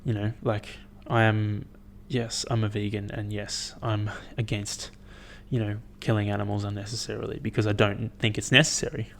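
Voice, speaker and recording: A young man hosting his own podcast, chatting in a rambling, profane, animated way as he tells stories. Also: on the low side, moderate pace, vocal fry, hardly any pauses, a little hiss or hum. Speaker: podcast host. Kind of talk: casual solo podcast chat.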